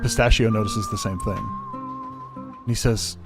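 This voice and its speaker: Guy running a tabletop game, rambly and full of ums, pitch swings a lot, guitar in the background. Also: huge pitch swings, unhurried. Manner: loose, rambling with many fillers. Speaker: game master. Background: guitar music.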